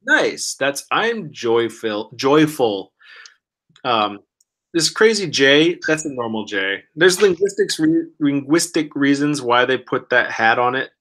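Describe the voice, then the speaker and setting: A male language teacher with a mid-range voice who speaks slowly and deliberately. He praises each attempt warmly and drags out every word he demonstrates. He sounds sick and keeps clearing his throat. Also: medium pitch, expressive. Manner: encouraging, praises often, models words very slowly. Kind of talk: one-on-one pronunciation lesson.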